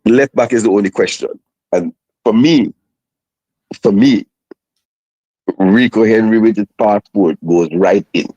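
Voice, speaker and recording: A man joining a call as a guest, speaking in a measured, hesitant way with restarts. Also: lowish voice, dark tone, no echo, highs cut off. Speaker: guest analyst. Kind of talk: casual football chat.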